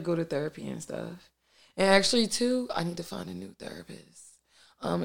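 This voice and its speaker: A woman in her thirties hosting a solo podcast from her dining room table at home, talking loudly and candidly with lots of filler and swearing. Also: on the low side, gravelly. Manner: loud and boisterous, candid, profane, filler-heavy. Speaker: podcast host. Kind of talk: casual solo podcast monologue.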